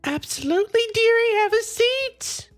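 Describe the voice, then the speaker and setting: A woman's voice: very high voice, lively intonation, soft background music, pitched above the performer's own voice. A woman voicing a sweetly menacing old hag who presses tea on her guests and calls everyone dearie. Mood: cloying. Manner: cloying, calls everyone dearie, drawn-out words.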